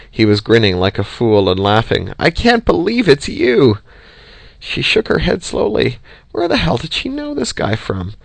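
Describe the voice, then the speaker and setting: A man narrates an audiobook at a steady, measured pace. His voice is low and gravelly. The recording is close and dry. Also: dry recording. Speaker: audiobook reader.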